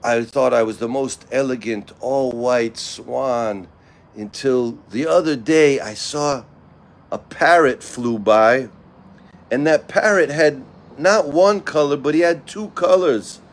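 A glum swan speaks in a subdued, low-key way, voiced by a man telling a fable. He sounds deflated and envious. The telling is simple and unhurried. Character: gloomy swan, once proud, now envious.

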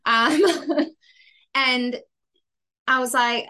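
A candid woman shares her life story as a podcast guest, talking frankly and with energy. She sits at a middling pitch and keeps reaching out to her listeners with quick asides and rhetorical checks. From Zimbabwe. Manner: frank and lively, with frequent asides and "right?".

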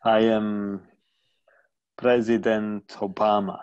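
A man doing a comic impression of a US president, speaking with slow, drawn-out pauses in a lowered voice. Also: flat delivery, darkish tone, clear, resonant tone, muffled recording. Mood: mock solemn. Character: mock US president, pompous and measured.

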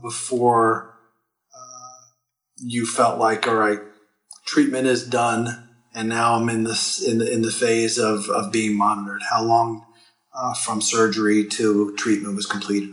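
Give me a hesitant male interviewer with an even, flat delivery. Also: medium pitch, a little slow, poor audio. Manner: hesitant, searching for words. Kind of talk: casual interview questions.

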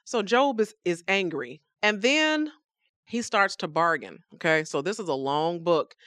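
A woman's voice: on the low side, animated, unhurried, fairly bright tone, no echo, studio quality. A woman teaching the Bible on a podcast, emphatic and speaking to her listeners as believers.

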